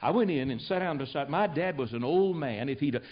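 An older man from the United States preaching a folksy, storytelling sermon, swinging from loud to hushed. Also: a little high, expressive, fairly quick. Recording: dull lo-fi recording.

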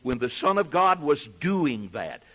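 A man's voice: a little high, big pitch swings, a little slow. Folksy man preaching a lo-fi sermon. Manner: folksy, rising to loud emphatic preaching. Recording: muffled lo-fi sermon recording.

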